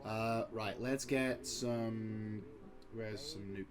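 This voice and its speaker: A man casually commenting on a strategy game, rambling and excitable, swearing freely and chuckling at his own jokes. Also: fairly low pitch, drawn-out words, music in the background. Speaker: gaming channel host.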